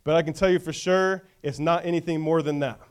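A man's voice: on the high side, steady tone, a little fast, clean tone. A male pastor preaching a conversational sermon, often checking in with the congregation.

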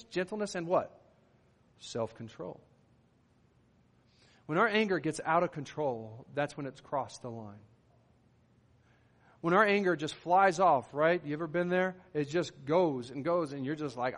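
A man's voice: fairly high pitch, big-room sound. A middle-aged man, a pastor, preaching a sermon in an earnest, conversational way, with rising emphatic bursts.

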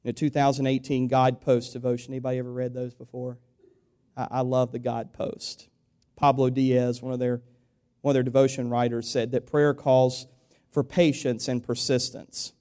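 Here a male pastor addresses his congregation with a conversational sermon full of rhetorical questions. He builds up loudly, then settles into a soft, confiding tone, keeping a level, medium-pitched delivery at a moderate pace.

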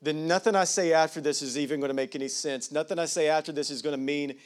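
A man's voice: fairly high pitch, fairly even intonation, fast talker. A man preaching a sermon as pastor, talking casually with digressions and leaning hard on statistics. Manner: conversational, digressing, emphatic on numbers.

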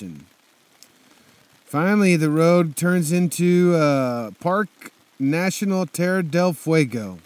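A man's voice: a little high, big pitch swings, takes it slowly, pauses often, a little mellow, no echo. A young man casually telling a motorcycle trip story, laid-back and swearing constantly, with lots of fillers.

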